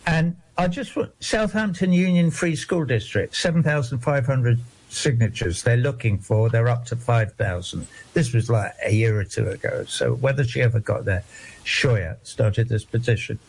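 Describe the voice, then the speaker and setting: A man's voice: mid-range voice, normal speed, vocal fry, breathy edge. An older man, talking in a rambling, digressive, indignant way during a casual discussion.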